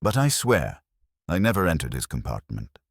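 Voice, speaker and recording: A man's voice: a bass voice, very animated, moderate pace, husky, no echo, studio quality, heavily acted. A man reading a nervous evasive businessman.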